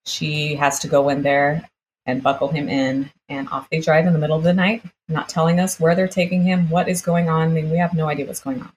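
A woman's voice: low-pitched, little pitch movement, brisk, slight background noise, low-quality recording. A woman guest telling a personal story vividly, acting out the exchanges she recounts. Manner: vivid retelling, acts out quoted exchanges.

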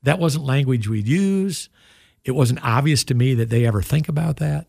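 A man's voice: mid-range voice, normal speed, creaky, a little mellow, dry recording, clean studio sound. A man in his sixties, a pastor and guest in an interview, telling a personal story in an earnest, emotional way. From United States.

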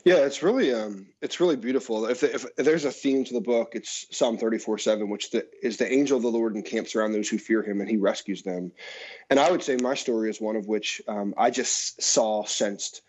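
A middle-aged man in his forties talks earnestly and reflectively as a guest pastor. His voice sits low and comes through a dull, lo-fi line. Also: brisk. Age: 40s. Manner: earnest, reflective, with soft laughs. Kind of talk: conversational interview. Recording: dull lo-fi sound.

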